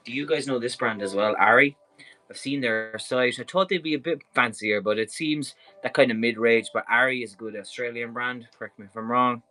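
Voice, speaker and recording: An Irish man with a bright, forceful voice runs a live clothing sale in a chatty, enthusiastic way. He rambles freely between items, and faint music plays behind him. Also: medium pitch, low-quality recording. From Ireland. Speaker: live-stream clothing seller. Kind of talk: casual live sales patter.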